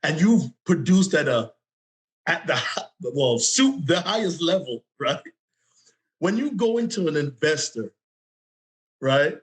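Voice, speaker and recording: A man from Jamaica co-hosts a relaxed interview. His voice sits fairly high, and he asks long, winding questions in a playful tone. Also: unhurried, long pauses. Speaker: co-host. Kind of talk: casual interview talk.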